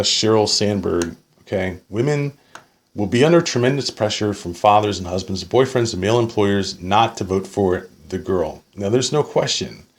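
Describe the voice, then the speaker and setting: A man reading an article aloud and arguing with it point by point, sarcastic, often tagging his points with "okay?". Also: fairly low pitch. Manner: sarcastic asides. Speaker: political commentator.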